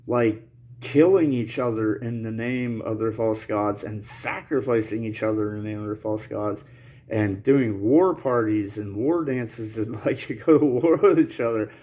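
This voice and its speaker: A man's voice: lowish voice, measured pace, mellow. A man talking casually to his viewers in a rambling, slangy way. He laughs nervously through serious points and coughs now and then while getting over an illness. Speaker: channel host. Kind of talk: casual monologue to camera.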